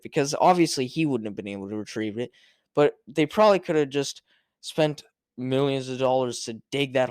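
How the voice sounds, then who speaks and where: A man's voice: mid-range voice, no echo, clean studio sound. A young man hosting a casual solo podcast, rambling and swearing, with many fillers and restarts. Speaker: podcast host.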